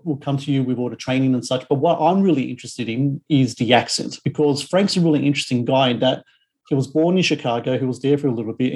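A man's voice: mid-range voice, creaky, mellow. A man hosting a podcast, asking loose, filler-heavy questions and reading a sponsor ad. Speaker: podcast host. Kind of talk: interview questions and read ad.

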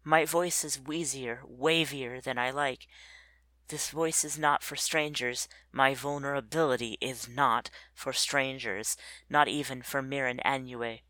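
A narrator reading a first-person story in an introspective, measured way. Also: mid-range voice, steady tone, bright, forceful tone, dry recording.

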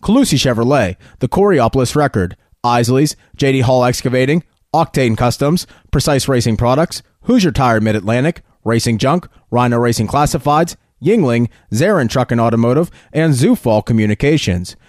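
A man's voice: mid-range voice, expressive, normal speed, darkish tone, no room sound, studio quality. A man reading a scripted speedway announcement, steadily listing sponsor and champion names.

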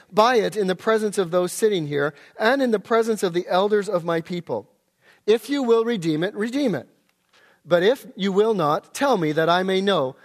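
A man preaching an expository sermon, explaining scripture and reading passages aloud. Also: sits high. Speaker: pastor.

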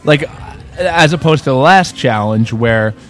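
A man's voice: medium pitch, lively intonation, unhurried. A man co-hosting a podcast in casual chat, rambling with many restarts, recorded in a resort bar. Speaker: podcast co-host. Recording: faint bar music behind.

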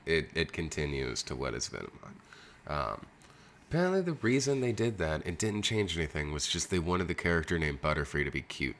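Man, very deep voice, animated, casual podcast chat, jokey, swears freely. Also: a little fast, slight background noise. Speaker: podcast co-host.

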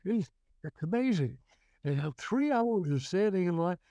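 Older man, dark dry storytelling voice. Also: sits high, big pitch swings, normal speed, no room sound. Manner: rambling, many restarts and fillers. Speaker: guest actor. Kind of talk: storytelling interview.

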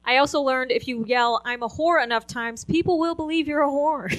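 A woman's voice: sits high, normal speed, a bit bright. A young woman doing a stand-up set on a club stage, brash and profane, laughing at her own jokes. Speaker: stand-up comedian.

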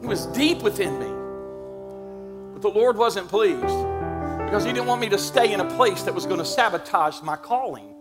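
A middle-aged man preaching a sermon, telling a story from his own life in an animated, humorous and emphatic way. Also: high-pitched, moderate pace, over loud music.

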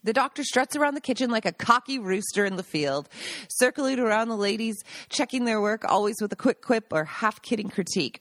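A woman's voice: mid-range voice, expressive, brisk, dry recording. Woman reading her own memoir aloud. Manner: breaks off the reading for emotional asides, laughing and choked up.

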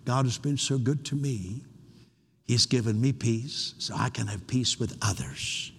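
An earnest man preaching a Sunday sermon, his voice sitting at an ordinary middle pitch. He repeats phrases and slows down on the words that matter. Each line trails off into the long reverb of a large church hall. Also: creaky, slight background noise. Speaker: pastor. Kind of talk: sermon with altar call.

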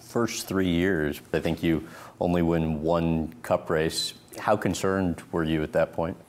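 Deep-voiced male interviewer. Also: steady tone, darkish tone. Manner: brief, measured questions. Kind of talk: interview questions.

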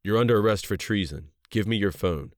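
A man's voice: fairly low pitch, fairly quick, dry recording, studio quality, lightly acted. A man voicing a stern military officer who speaks firmly and with authority, in a story reading. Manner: commanding, firm.

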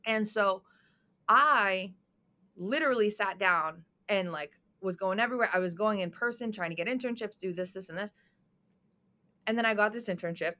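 A young adult woman, a guest, telling her story in an animated way, with lots of "like"s. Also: fairly low pitch. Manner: animated, fast storytelling with many "like"s. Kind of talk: storytelling interview chat.

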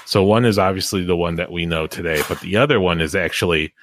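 A man hosting a podcast in casual chat, chatty and quick to laugh, often trailing off mid-sentence. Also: low voice, a bit bright. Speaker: podcast host.

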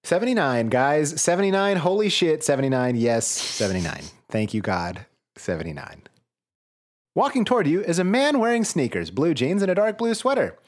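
A man reading a gamebook aloud with comedic asides on a podcast, animated and swearing. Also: fairly high pitch, brisk, few pauses. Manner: animated, swearing, mock-dramatic. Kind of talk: comedic read-through with commentary.

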